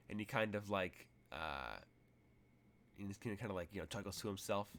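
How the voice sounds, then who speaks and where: A man's voice: sits low, a little fast, a bit bright. A man narrating as game master in a tabletop role-playing game, rambling through vivid, detailed scene descriptions.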